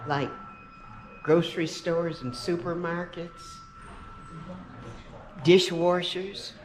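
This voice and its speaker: A woman's voice: fairly low pitch, darkish tone, a little hiss or hum, poor audio. A woman museum educator giving a children's virtual tour, chatting animatedly with a puppet and young viewers. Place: outside and inside a museum.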